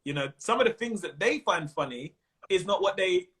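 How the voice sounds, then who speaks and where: A man with a London accent, chatting casually as a comedian guest, animated and full of slang, often breaking into little character voices. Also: high voice, moderate pace. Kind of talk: casual interview chat. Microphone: Instagram live stream.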